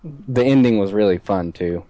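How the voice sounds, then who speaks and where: A young man in a casual gaming chat, talking haltingly and restarting with "uh" and "I mean.". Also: fairly low pitch, lively intonation, mellow, rough recording.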